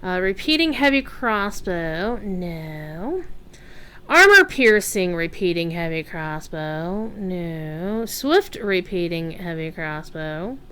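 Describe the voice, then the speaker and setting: A woman's voice: fairly low pitch, big pitch swings, slow pace, bright, forceful tone, clean tone. A woman streaming a game, chatting casually and rambling through asides with plenty of fillers and offhand swearing. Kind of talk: casual gameplay commentary.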